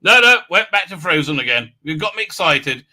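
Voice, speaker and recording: Male live-stream host, raised pitch, very bright tone, rambling and sarcastic. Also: very animated, fairly quick. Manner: rambling, sarcastic, many fillers.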